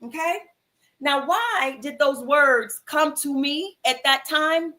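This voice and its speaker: Woman stream host, high voice, animated inspirational storyteller who acts out the quotes. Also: slow pace. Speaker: host of a mindfulness livestream. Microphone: livestream computer mic.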